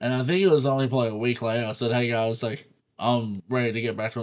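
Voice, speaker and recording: A man's voice: medium pitch, quick pace. A man co-hosting a casual podcast, talking in a laid-back way on a desktop USB microphone, swearing freely and laughing often. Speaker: podcast co-host.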